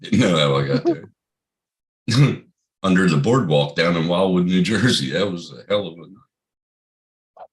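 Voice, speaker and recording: A man's voice: low voice, expressive, unhurried, pauses often. A man co-hosting a livestream in casual chat who laughs often and jokes loosely. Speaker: livestream co-host.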